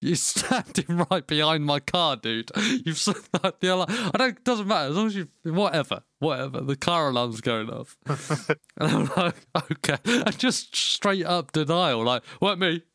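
A man's voice: on the high side, expressive, moderate pace, a bit bright, no echo, clean studio sound. A man, co-hosting a podcast, telling a story in casual chat, laughing often and swearing freely. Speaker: podcast co-host.

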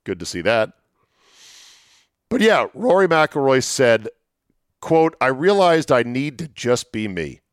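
A man hosts a solo talk segment, spinning anecdotes with wry asides in a medium-pitched voice. His voice is wearing thin and a little hoarse. The sound is close and dry, with no room around it. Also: big pitch swings, slow pace, pauses often, no room sound. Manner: chatty, storytelling, wry asides. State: voice going hoarse. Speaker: sports radio host. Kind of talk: solo monologue, casual chat.

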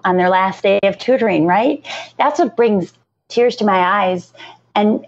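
A middle-aged woman, founder of a literacy nonprofit, speaking earnestly and tearfully with halting restarts in a podcast interview. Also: medium pitch, a little mellow, slightly rough. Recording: slightly dull lo-fi audio.

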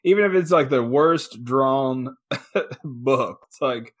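A man co-hosting a podcast in casual chat, agreeable and quick with asides. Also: medium pitch. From Kansas. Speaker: podcast co-host.

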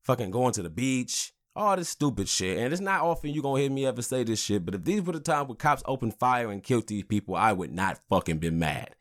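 A man's voice: medium pitch, animated, a little fast, few pauses. A man in his thirties, a father, hosting a podcast and ranting angrily with lots of swearing and "you know what I'm saying.". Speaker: podcast host.

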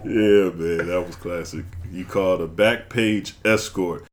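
A man's voice: sits low, fairly even intonation, a little slow, very noisy. A man from the Chicago area hosting a podcast, rambling and joking at his own expense. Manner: rambling, self-mocking, laughing. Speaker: podcast host. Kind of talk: casual podcast chat.

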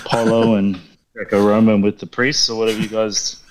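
A man's voice: on the low side, flat delivery, fairly quick, a crowd in the background. A man from Australia calling in to a podcast, chatting easily with laughs. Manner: easygoing, laughs, says mate often. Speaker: guest calling in. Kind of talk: casual chat on a call.

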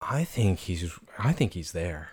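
Young male co-host, animated pitch, teasing, laughs often. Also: a little slow, breathy edge. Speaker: podcast co-host. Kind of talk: casual rewatch podcast chat.

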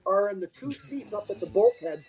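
Older man, high voice, lively swinging pitch, rambling casual storytelling. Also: a little fast, crowd noise, low-quality recording. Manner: rambling, animated anecdote-teller. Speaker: guest.

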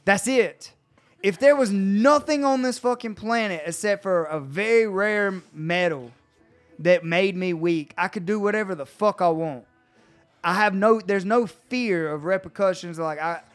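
A man co-hosting a podcast in casual banter, arguing his point with heavy profanity. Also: sits high. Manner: profane, argumentative. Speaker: podcast co-host.

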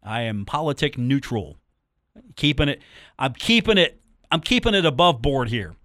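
A man hosts a sports radio show in a dry, close-miked studio. He talks casually and jokily, repeating phone numbers and pet phrases as he riffs with his listeners. His voice sits at a middle pitch. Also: lively intonation, moderate pace, sharp tone, no room sound. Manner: chatty, joking, repeats phone numbers and catchphrases. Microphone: studio microphone.

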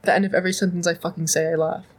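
Speaking very fast with a breathy edge, this young co-host has a fairly low voice that barely moves in pitch. She reads fan fiction aloud on the podcast and ribs her co-host, with laughter and swearing throughout the casual back-and-forth.

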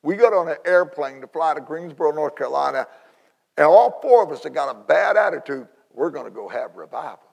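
Folksy preacher man, gravelly. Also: a little high, fairly quick, in a large hall, rough recording. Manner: folksy, animated storytelling with repeated restarts. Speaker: evangelist preacher. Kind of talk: storytelling sermon.

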